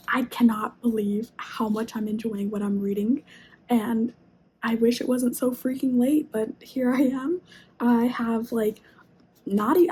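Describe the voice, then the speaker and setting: Young woman, book vlogger, casual gushing chat, slightly high voice, filler-heavy, sometimes whispered. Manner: drops into a whisper late at night. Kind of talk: casual reading vlog.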